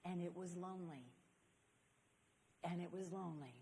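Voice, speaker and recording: An older woman speaks to young people at a church youth convention, animatedly sharing her personal testimony and acting out the people in her story. Her husky voice is fairly low and dark, at a moderate pace, with long reverb filling the large convention hall.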